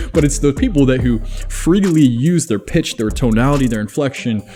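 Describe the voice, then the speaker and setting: A man's voice: medium pitch, animated, moderate pace, warm tone. A man hosting a self-improvement video, chatting casually and laughing at his own jokes. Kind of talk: casual advice monologue.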